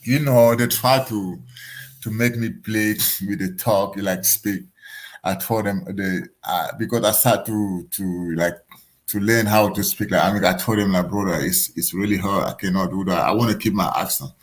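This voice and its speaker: A man who is a professional boxer, talking casually as a podcast guest, animated and laughing often, with non-native phrasing. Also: on the low side, moderate pace. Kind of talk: podcast interview, casual chat.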